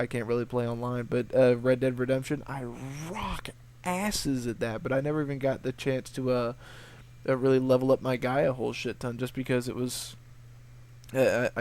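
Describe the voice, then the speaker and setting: A man's voice: medium pitch, darkish tone. A young man answering viewer questions in a casual vlog. He swears freely and rambles through his stories. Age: young adult. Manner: profane, rambling storyteller who acts out voices. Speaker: gaming video creator.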